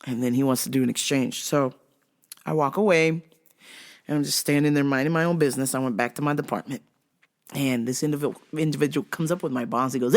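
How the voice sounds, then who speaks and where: A woman's voice: rumbling low, a little fast. Profane laughing woman vlog host. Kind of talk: casual storytelling.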